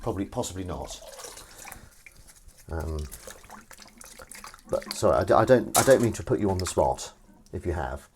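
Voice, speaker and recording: A man's voice: low-pitched, animated, moderate pace, long pauses, background noise. A man chatting casually on a live stream while washing up, rambling and teasing the people watching. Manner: rambling, chatty, teasing, talks to chat while doing chores. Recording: running water and dish clatter behind.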